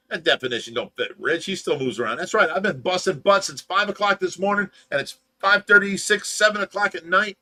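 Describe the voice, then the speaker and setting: A man's voice: high voice, normal speed, bright, forceful tone. An older man hosting a livestream, chatting in a folksy, rambling way and telling stories with mock offense. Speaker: host of fish rescue livestream. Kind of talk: casual livestream chat.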